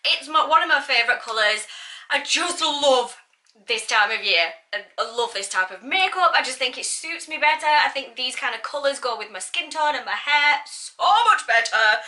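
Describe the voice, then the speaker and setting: A woman's voice: sits high, sharp tone. A woman giving a bubbly, chatty makeup tutorial and talking straight to her viewers. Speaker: beauty vlogger.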